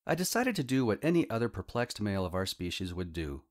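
A man narrates a comic fantasy story in the first person with a wry, humorous touch. His voice sits fairly low. His pitch moves in a lively way through the telling. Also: fast talker. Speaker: audiobook narrator.

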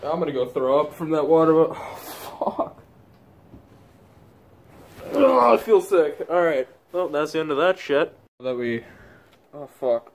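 A man's voice: a little high, a little fast, a little hiss or hum. A man vlogging casually, swearing constantly with blunt running commentary. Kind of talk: casual self-filmed vlog.

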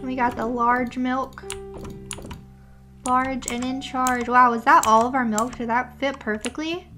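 Young woman, high voice, unhurried, playful streamer chat, sleepy, game music behind. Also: steady tone. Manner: chatty, playful, answers chat, gamer slang. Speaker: VTuber streamer. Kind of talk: casual gameplay chat.

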